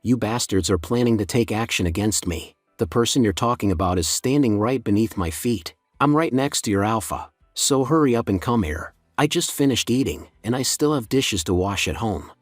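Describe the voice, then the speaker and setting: A man doing a calm unflappable teen boy. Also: on the low side, normal speed, hardly any pauses, no room sound, soft background music. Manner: calm, dry. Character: calm, unflappable teenage boy with an old soul.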